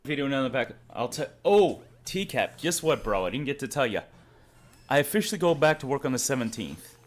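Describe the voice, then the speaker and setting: A man's voice: medium pitch, sing-song, fairly quick. A man streamer chatting casually with viewers, greeting them by name in an upbeat, chatty way. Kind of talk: casual live-stream chat, reading out chat names.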